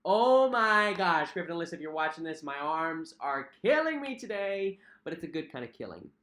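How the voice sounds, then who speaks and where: Hosting a casual livestream from home, a young adult man who runs a cruise vlog speaks a little fast in a fairly high, slightly bright voice with big pitch swings. He's friendly, reads viewer comments aloud, and repeats himself with plenty of fillers.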